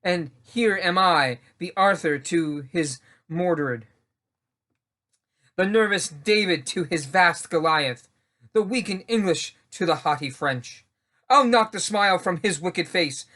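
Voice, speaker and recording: A man's voice: high voice, takes it slowly, sharp tone, heavily acted. A man voicing a timid teenage boy finding his courage in a home reading of a mock-Shakespearean play, delivering earnest, declamatory lines.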